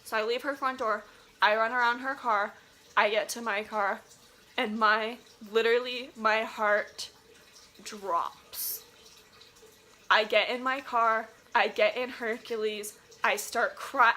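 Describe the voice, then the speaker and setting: Bright-voiced woman telling a dramatic storytime. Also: fairly high pitch, takes it slowly. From Colorado, USA. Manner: animated, dramatic, says "like" often. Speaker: vlogger. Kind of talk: casual storytime.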